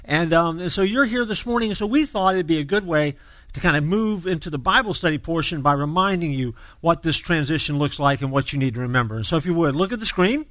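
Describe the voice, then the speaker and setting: A man's voice: on the high side, fast, no echo. Chatty man leading Bible study. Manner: relaxed, with frequent fillers. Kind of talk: conversational sermon.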